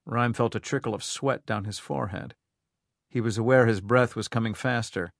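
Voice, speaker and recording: A man reads a thriller audiobook in a steady, even storytelling voice at an everyday mid pitch. The recording is dry and close, with no room sound. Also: normal speed, gravelly, no echo. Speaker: audiobook narrator. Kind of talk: scripted thriller narration.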